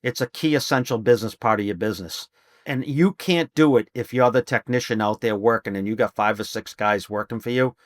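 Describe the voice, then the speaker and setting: A man's voice: fairly low pitch, brisk, no room sound, clean studio sound. A middle-aged man, a business trainer, talking casually and emphatically as a podcast guest. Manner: emphatic, salesman-like storytelling. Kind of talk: casual interview talk.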